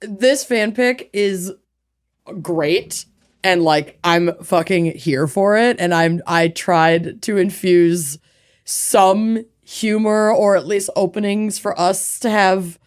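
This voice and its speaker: Animated swearing woman podcast host. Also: medium pitch, takes it slowly, smooth. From Minnesota. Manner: animated, swears freely, laughs often. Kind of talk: casual chat.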